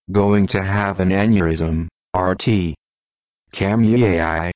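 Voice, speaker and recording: A synthetic-sounding man's voice reading out short posts in a monotone, spelling out links letter by letter. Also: low-pitched, dry recording, clean studio sound. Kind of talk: rapid automated read-out of short posts.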